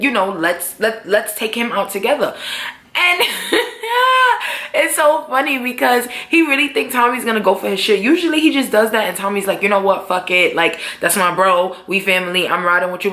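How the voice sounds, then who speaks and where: Animated, profane young woman recapping TV. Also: fairly high pitch, roomy sound. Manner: animated, profane, acts out characters' lines. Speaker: TV recap vlogger. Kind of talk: casual TV recap chat.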